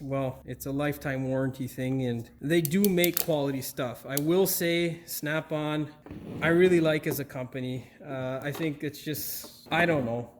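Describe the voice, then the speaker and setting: A man's voice: on the high side, slight background noise. A male mechanic giving a casual car repair tutorial, chatty and joking with a crude edge.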